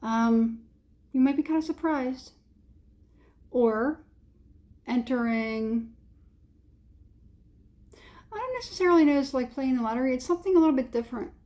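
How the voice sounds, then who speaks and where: A woman's voice: high-pitched, animated, moderate pace, long pauses, mellow. A woman giving a casual tarot reading, rambling and hesitant, with many fillers and frequent chuckles. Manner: chuckles often. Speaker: tarot reader.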